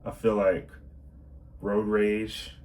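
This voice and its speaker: A man's voice: on the low side, little pitch movement, very slow, darkish tone, rough recording. A man talking in a casual self-help monologue, earnest and rambling with many fillers.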